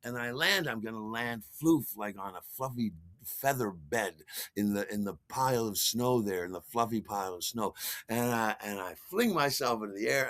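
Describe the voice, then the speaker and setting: Man, podcast host, animated storytelling, bright voice, dry sound. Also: mid-range voice, no echo. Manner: animated, self-mocking, acts out scenes. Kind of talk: comic first-person storytelling.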